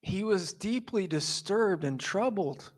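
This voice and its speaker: A man pastor giving a sermon, telling the story with animated voices and asides. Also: high-pitched, takes it slowly. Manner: animated storytelling, acting out quotes.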